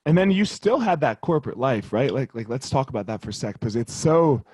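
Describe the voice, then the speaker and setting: A man's voice: mid-range voice, very animated, a little fast, darkish tone, husky, no echo. A man hosting a casual interview, talking loosely and swearing freely. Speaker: podcast host.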